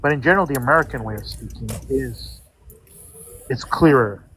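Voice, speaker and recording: Guy from india, halting casual chat, keeps repeating himself, faint noise behind. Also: mid-range voice, a bit bright. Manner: halting, repeats words as he searches.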